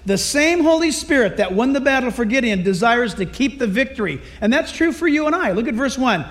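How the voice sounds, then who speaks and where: Male pastor, very high voice, lively and joking, conversational sermon delivery. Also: a little fast. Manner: lively, conversational, humorous preaching.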